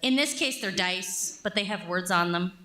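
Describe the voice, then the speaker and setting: A woman's voice: medium pitch, expressive, normal speed, echoey room, crowd noise. A woman leading a playful children's activity during a church service, upbeat and coaxing. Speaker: worship leader. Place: church sanctuary.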